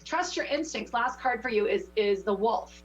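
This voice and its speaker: A woman working as a spiritual teacher who gives oracle card readings and coaching in a passionate, preachy, lively way. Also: a little high, normal speed, dull audio, faint music behind. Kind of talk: intuitive coaching chat.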